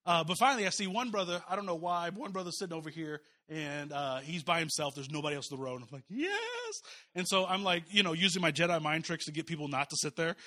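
A middle-aged pastor from Kansas City, telling a joking story in a casual sermon, full of fillers and restarts. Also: male voice, fairly high pitch, steady tone, fast, few pauses, bright, forceful tone. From Kansas City, US Midwest.

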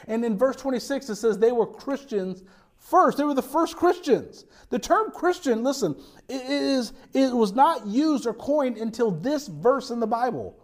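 Man preaching an animated sermon. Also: extremely high pitch. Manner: animated preaching with restarts and asides. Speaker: pastor.

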